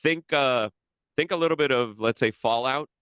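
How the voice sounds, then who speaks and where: A man's voice: medium pitch, normal speed, fairly bright tone, smooth, dry recording, lo-fi sound. A man co-hosting a podcast in casual chat, rambling with lots of restarts and casual swearing. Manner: rambling, profane, many restarts. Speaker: podcast co-host.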